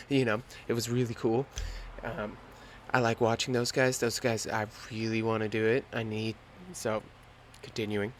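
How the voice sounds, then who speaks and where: A young man hosting a podcast, telling a story in a lively, slangy and profane way. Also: medium pitch, moderate pace, a little hiss or hum. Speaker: podcast host. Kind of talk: casual storytelling.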